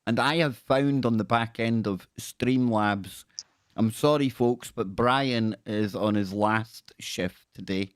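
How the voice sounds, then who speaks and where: A male host with a lowish voice chats away on a live stream, repeating himself as he thanks people. His voice is dry and close to the mic. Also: slow pace, no room sound. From Scotland. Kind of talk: casual live-stream chat.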